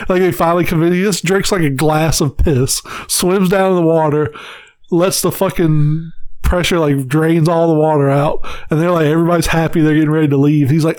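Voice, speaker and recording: A man co-hosting a casual podcast, retelling a cartoon episode in an animated way, swearing and laughing often. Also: fairly high pitch, brisk, clean tone, dry recording. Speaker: podcast co-host. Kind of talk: casual chat.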